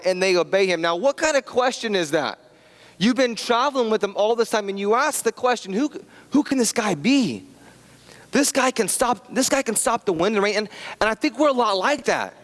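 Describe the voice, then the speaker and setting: Chatty pastor in a reverberant hall. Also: male voice, high-pitched. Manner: chatty and self-deprecating, many restarts and asides. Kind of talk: conversational sermon with personal stories. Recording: long reverb of a church hall.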